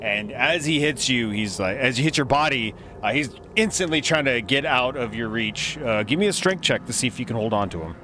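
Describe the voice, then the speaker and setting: A man in a mid-range voice running a tabletop role-playing session as game master. He narrates loosely and chattily, with lots of filler words. His voice sits at an ordinary mid pitch throughout. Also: animated, fairly quick, hardly any pauses, bright, forceful tone, a little hiss or hum.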